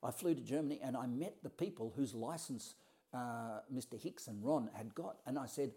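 A man tells a story from his own life in a loose, conversational way. His voice is mellow and relaxed, and he sits at a middle pitch for a man. He is blunt, swears now and then, and acts out the back-and-forth dialogue as he goes. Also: normal speed. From Australia. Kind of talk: casual personal storytelling.

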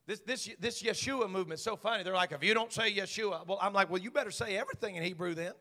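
A man, a senior pastor, preaching a Pentecostal sermon, dropping to quiet asides and then climbing to shouted proclamation. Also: high voice, fast talker, big-room sound. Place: church sanctuary.

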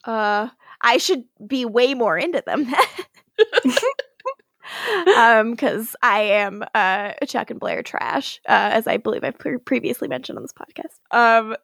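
Podcast lady laughing thru an episode recap, kinda high voice, dry close sound. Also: creaky, a bit bright, dry recording. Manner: laughing often, acting out lines in quick snippets. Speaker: podcast co-host. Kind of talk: casual episode recap chat. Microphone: podcast microphone.

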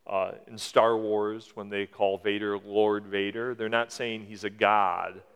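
A man's voice: on the low side, little pitch movement, a little slow, fairly bright tone, clear, resonant tone. A man in his forties preaching a sermon, explaining scripture in a conversational way with emphatic rises. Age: 40s. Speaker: pastor. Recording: long hall reverb.

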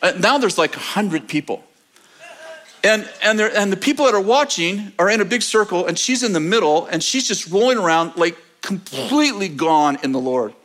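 A man telling a testimony story in a sermon, animated and often laughing as he talks. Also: sits high, normal speed. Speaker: preacher.

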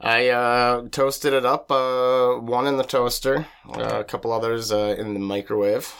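A man's voice: mid-range voice, flat delivery, unhurried, fairly bright tone, clear, resonant tone. A man co-hosting a casual food podcast, explaining a recipe in a rambling way with many fillers. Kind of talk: casual chat.

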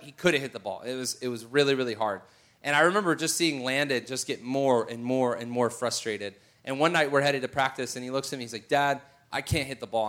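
A middle-aged man preaching a sermon, telling a personal story with animated bursts and occasional shouts. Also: medium pitch.

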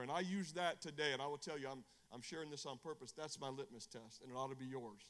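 A middle-aged man, an evangelist, preaching a testimony sermon, animated, swinging from hushed storytelling to shouting. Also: mid-range voice, fast, hardly any pauses, long reverb tail. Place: church.

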